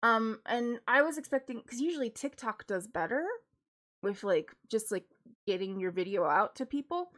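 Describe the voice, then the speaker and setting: Woman streamer rambling casually from home, higher pitched, lots of likes and laughing. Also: animated, normal speed, a bit bright. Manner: chatty, with frequent 'like' fillers; laughs readily while telling stories. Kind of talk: casual chat.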